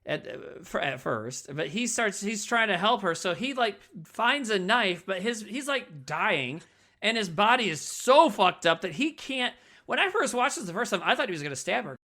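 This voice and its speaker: Male podcast co-host, gravelly and lively, rambling casual chat. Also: sits high, moderate pace. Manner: rambling, animated retelling of a film.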